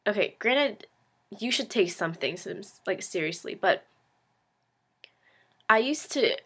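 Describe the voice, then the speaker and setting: This late-teen woman talks to camera with a husky, slightly bright, medium-pitched voice that is animated but slow-paced. In her rambling, self-deprecating confessional, she uses "like" constantly and adds frank, sarcastic remarks.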